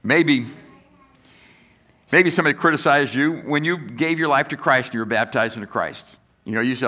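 A man's voice: mid-range voice, moderate pace, bright, forceful tone. A man preaching a sermon as pastor, talking conversationally and asking the congregation questions. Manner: acts out critics' voices in quotes.

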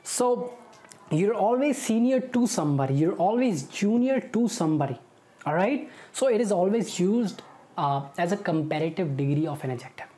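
A woman's voice: medium pitch, expressive, normal speed, mellow. A woman with an Indian English accent teaching an online grammar lesson, explaining patiently and checking in with "okay" and "right".

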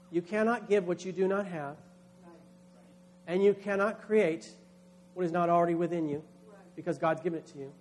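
High-voiced man preaching a sermon. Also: mellow, a little hiss or hum. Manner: emphatic preaching, acts out voices in quotes. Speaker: pastor.

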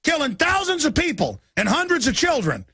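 A man's voice: very high-pitched, huge pitch swings, a little fast, pushed and bright, no room sound, studio quality. A man hosting a radio talk show, delivering a fiery political monologue, ranting and mocking opponents. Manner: ranting, mocking, shifts into impressions.

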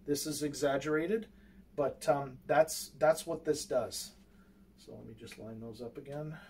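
A man handles his own telescope equipment in an improvised how-to, speaking unhurriedly in a medium-pitched, darkish, slightly rough voice. He's hesitant and rambling, full of fillers and false starts, and the mic is distant with faint background noise.

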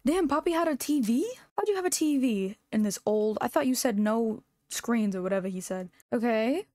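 A young woman jokes and teases her way through a farming game with a sassy, playful bite. Her voice sits fairly high, and the recording is dry and close with no room sound. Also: lively intonation, moderate pace, mellow, no echo. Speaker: gaming YouTuber. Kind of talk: casual gameplay commentary.

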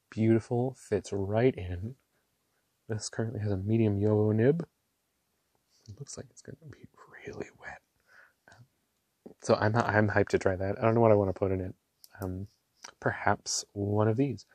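A man's voice: lowish voice, no echo. Gushing man with a dry close voice. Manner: gushing and excitable, with bursts of laughter. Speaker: ink reviewer. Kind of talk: casual show-and-tell vlog. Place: small home room.

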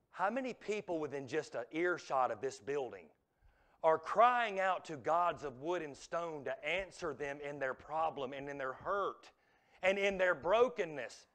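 Male revival preacher, higher-pitched voice, booming one moment and hushed the next, church sanctuary. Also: lively intonation, unhurried. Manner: swings from loud exhortation to hushed near-whisper. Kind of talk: revival sermon.

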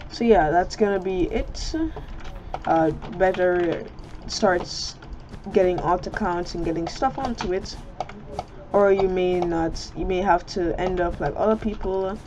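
A woman's voice: lowish voice, darkish tone. A woman hosting a gaming channel, rambling, joking and trash-talking through casual gameplay commentary. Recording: muffled lo-fi mic, noisy.

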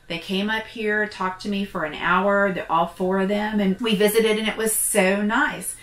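A middle-aged woman vlogging casually about her life on the road, telling a personal story with candid, animated reactions. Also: mid-range voice, reverberant. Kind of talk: casual personal vlog talk.

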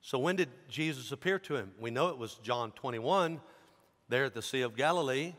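Preacher in a ringing church hall. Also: male voice, mid-range voice, normal speed. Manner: animated, dramatic storytelling. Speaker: pastor. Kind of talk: sermon. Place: large church sanctuary. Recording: long church hall reverb.

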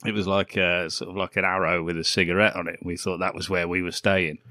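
A man's voice: low-pitched, brisk, no echo, studio quality. A man co-hosting a podcast in casual comedic chat, laughing often as he tells stories. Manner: laughs often, animated storytelling. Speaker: podcast co-host.

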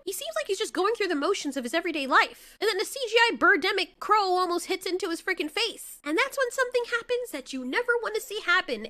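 A woman's voice: very high voice, bright, forceful tone. A woman giving casual, emotional movie commentary, swearing and exclaiming as she reacts.

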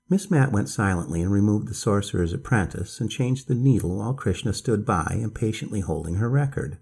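A man calmly reading a bedtime story aloud as narrator, in a measured storytelling voice. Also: fairly low pitch, gravelly, husky.

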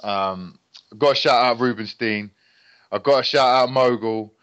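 A man's voice: mid-range voice, normal speed. British man telling stories, dull sound. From Britain. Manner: lively storyteller who acts out quoted lines. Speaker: guest fighter. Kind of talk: casual podcast interview.

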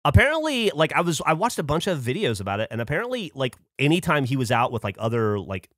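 A man's voice: a little high, sing-song, quick pace, a bit bright, dry recording, studio quality. A man on a podcast, telling a story in casual chat, acting out quotes and swearing freely. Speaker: podcast host.

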